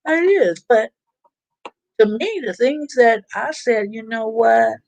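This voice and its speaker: A woman's voice: on the high side, lively intonation, slow pace, creaky, darkish tone. A woman hosting a casual live stream, chatting informally and reading out viewer comments. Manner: chatty, informal, preachy about faith.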